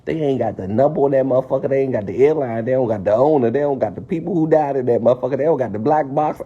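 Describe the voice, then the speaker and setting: Husky man ranting with lively swings. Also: mid-range voice, fairly quick. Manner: animated, profane, conspiratorial. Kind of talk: casual rant to viewers. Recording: dull lo-fi stream audio.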